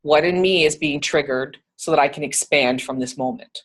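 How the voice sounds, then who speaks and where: A woman leading a spiritual group discussion, calmly coaching others with reflective questions. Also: sits low, moderate pace.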